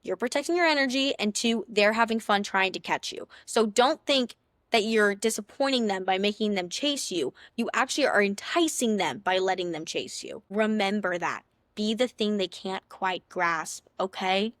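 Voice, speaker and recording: A woman's voice: mid-range voice, fairly bright tone, no echo, clean studio sound. A young woman who hosts a podcast, giving sassy, playful dating advice in a casual big-sister tone. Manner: chatty, sassy, playful big-sister tone, acts out little scenes in other voices. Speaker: podcast host.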